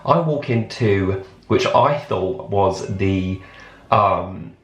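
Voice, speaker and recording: A man's voice: low voice, animated, very slow. A man vlogging in a chatty storytelling way, acting out lines of dialogue as he tells a story in an airport lounge. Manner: chatty, acts out his own and others' lines in quotes. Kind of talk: casual storytelling to camera. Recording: roomy echo.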